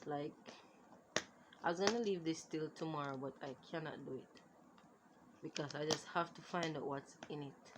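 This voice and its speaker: A woman, unboxing gifts in a casual vlog, excitable and exclaiming, recorded on a phone. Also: sits low, normal speed. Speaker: vlogger. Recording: phone recording with clear background noise.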